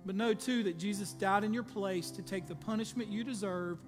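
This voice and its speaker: A pastor preaching a sermon with emphatic delivery and folksy storytelling asides. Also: male voice, high-pitched, normal speed. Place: church sanctuary. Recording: long reverb in a large hall, music behind.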